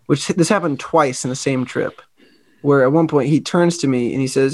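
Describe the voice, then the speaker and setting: An American man co-hosting a podcast, telling a travel story in a lively, casual way and acting out the people in it. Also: medium pitch, normal speed, no echo. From United States. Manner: animated storyteller who acts out quoted people. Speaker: podcast co-host.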